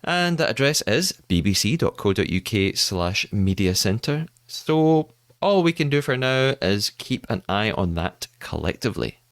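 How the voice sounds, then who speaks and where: A man's voice: lowish voice, big pitch swings, a little slow, no room sound, clean studio sound. A man from the UK hosting a podcast, narrating news and chatting with a guest with upbeat, playful emphasis. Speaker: podcast host. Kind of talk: podcast narration and casual chat.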